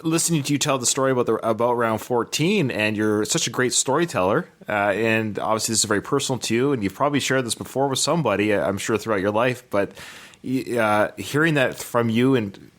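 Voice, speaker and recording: A man in his thirties hosts a casual podcast interview with an easy, mid-pitched voice. He talks with eager enthusiasm, rambling and restarting his sentences as he goes. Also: a little fast, fairly bright tone. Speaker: podcast host.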